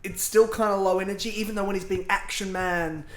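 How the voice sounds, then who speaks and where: Man, high voice, casual reviewer, echoey room sound. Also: steady tone, fast, soft background music. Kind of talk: casual chat.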